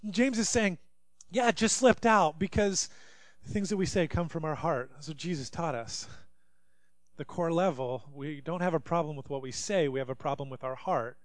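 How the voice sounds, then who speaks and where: A young man preaching a sermon as a pastor, telling stories with big swings from hushed to loud. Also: fairly high pitch, a little fast, no echo. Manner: animated storytelling, swinging from quiet to loud.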